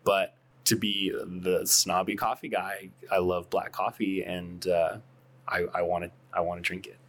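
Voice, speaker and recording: A man's voice: low-pitched, little pitch movement, a little slow, a bit bright. A man who co-owns a coffee shop, talking casually and thoughtfully as a podcast guest, often repeating a word as he starts a thought.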